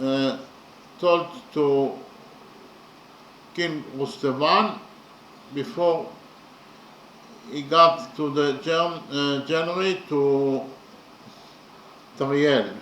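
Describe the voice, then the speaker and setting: A man talks through a poem in a careful, unhurried lecture, stopping often to count and restate each point. His voice sits a little high and moves very slowly. The sound rings in a reverberant room with a faint hum of ambience. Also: a bit bright. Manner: slow and methodical, with many pauses and fillers. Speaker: lecturer on poetry. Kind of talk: slow explanatory lecture.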